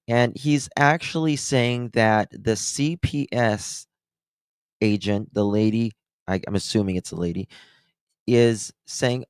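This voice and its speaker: A man's voice: mid-range voice, slow pace, smooth, no echo, studio quality. A male channel host giving sarcastic, incredulous commentary on played clips. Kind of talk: reaction commentary.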